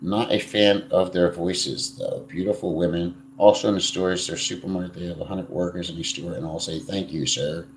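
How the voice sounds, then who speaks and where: A man's voice: low-pitched, fairly even intonation, brisk, few pauses, slight background noise. A man hosting a casual live stream, answering viewer comments in a blunt, crude and rambling way, swearing freely. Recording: echoey room.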